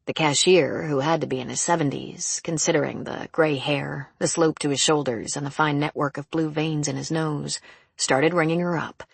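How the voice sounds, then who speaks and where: Husky, low-voiced female audiobook narrator. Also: no room sound. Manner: even, measured storytelling.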